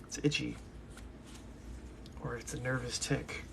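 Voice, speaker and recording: A man's voice: mid-range voice, flat delivery, a little slow, creaky, noisy background. A young man rambling to himself in a casual monologue, drifting from one topic to the next. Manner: musing, talks to himself, drifts between topics.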